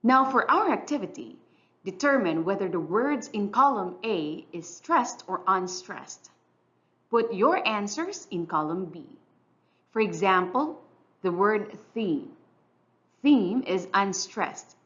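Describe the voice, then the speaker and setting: A woman teacher giving a clear, measured, scripted English lesson narration. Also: mid-range voice, lively intonation, a bit bright, muffled recording. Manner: clear, instructional, measured delivery.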